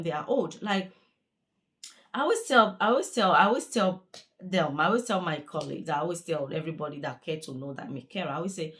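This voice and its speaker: Young woman, care worker, earnest and repetitive vlog chatter, slightly low pitch. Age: young adult. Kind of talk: casual vlog chat.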